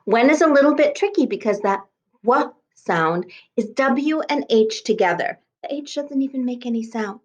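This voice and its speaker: A woman teaching a kindergarten class by video, speaking slowly in a sing-song way and sounding out words letter by letter. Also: a little high, sing-song, highs cut off. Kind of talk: remote lesson for young children.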